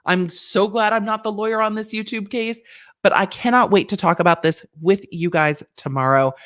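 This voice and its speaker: A woman's voice: mid-range voice, normal speed, a bit bright. A woman lawyer hosting a casual livestream and chatting with viewers in a rambling, playful way.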